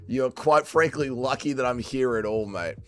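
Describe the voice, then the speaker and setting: In a mid-range voice at a moderate pace, with no echo, an Australian livestream host swears his way through laid-back conversation with his viewers. He's tired and still drunk after being up late.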